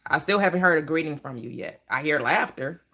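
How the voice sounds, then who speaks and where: A woman's voice: low-pitched, animated, a little fast, fairly bright tone. Blunt laughing woman live-stream host. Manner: blunt, laughing, talks back to chat. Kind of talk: casual live chat.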